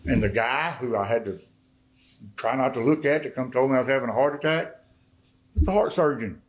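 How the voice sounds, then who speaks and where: A man's voice: medium pitch, brisk, rough recording. Male guest speaker, middle-aged, folksy testimony-style preaching, mid-range voice. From Arkansas. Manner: folksy storytelling, swelling to impassioned preaching. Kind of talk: testimony sermon.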